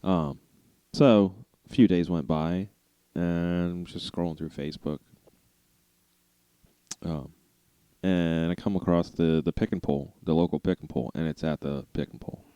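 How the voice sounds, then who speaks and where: A man's voice: low voice, a little slow, dark tone, smooth, dry recording, muffled recording. A man co-hosting a car podcast, telling rambling stories in a laid-back way and laughing often. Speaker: podcast co-host. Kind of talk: casual chat.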